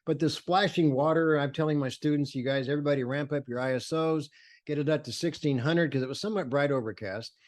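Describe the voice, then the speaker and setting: Fairly high-pitched and quick, the voice belongs to an older male photographer. In an interview he tells stories with enthusiasm, impersonating the people he quotes, and his speech has many fillers and restarts, in the manner of animated conversational storytelling.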